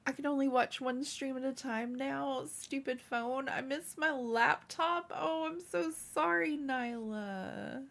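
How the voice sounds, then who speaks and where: A woman's voice: high voice, slow pace, vocal fry, few pauses, a bit bright. A woman hosting a casual craft livestream, chatting with viewers and scolding her cat. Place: home room.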